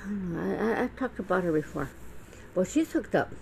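Middle-aged woman, lowish gravelly voice, rambling profane vlog monologue. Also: lively intonation, brisk, a little mellow, a little hiss or hum, poor audio. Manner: blunt, profane, rambling with many restarts. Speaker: vlogger. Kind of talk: casual monologue.

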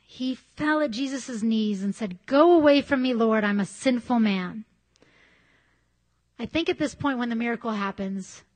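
A woman preaching a sermon in a conversational, candid way, telling personal stories. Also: fairly high pitch. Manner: conversational, candid, animated storytelling.

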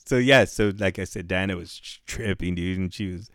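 Low-voiced guy rambling through a story on a podcast, swears a lot, smooth clean voice, dry close mic. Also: normal speed, no room sound. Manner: laid-back, profane, rambling. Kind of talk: casual chat storytelling. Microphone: headphones and studio mic.

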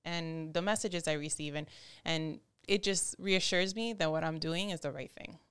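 Woman, yoga teacher guest, frank relaxed talk, lowish pitch, very clear voice. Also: normal speed, no echo, clean studio sound. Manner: relaxed and frank, with some casual swearing. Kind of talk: casual interview chat.

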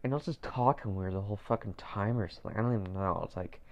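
A man's voice: fairly low pitch, fast talker, very noisy. A young man hosting a solo podcast, rambling loosely with lots of swearing, fillers and repeats. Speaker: podcast host. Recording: dull lo-fi home recording.

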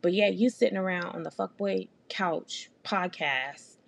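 A woman's voice: on the low side, a little slow, vocal fry. A woman hosting her own podcast, ranting in a blunt, sarcastic and profane casual commentary. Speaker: podcast host.

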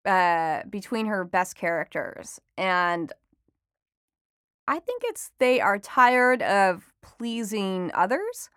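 Speaking slowly at medium pitch, a woman entertainment reporter and author tells lively stories as an interview guest, laughing often. Her tone is expressive, fairly bright and clean, captured in a dry, studio-quality recording of a conversational interview.

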